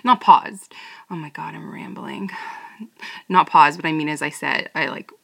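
A woman chats casually before a role-play recording, rambling and giggling, and often sinks into a half-whisper. Her voice sits fairly low and she talks unhurriedly. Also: a little slow, gravelly, sharp tone. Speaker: audio role-play performer. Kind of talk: casual chat.

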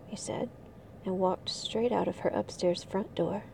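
Lady whispering a book passage real slow, breathy and a bit gravelly. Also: medium pitch, darkish tone, far from the mic, rough recording. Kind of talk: whispered reading aloud.

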